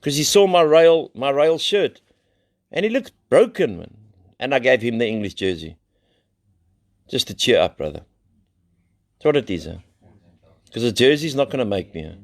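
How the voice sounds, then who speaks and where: A man's voice: medium pitch, lively intonation, normal speed, pauses often. Blunt South African man telling recovery stories. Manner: blunt, rambling, salty slang and swearing. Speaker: addiction recovery center founder. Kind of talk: live recovery share, casual storytelling.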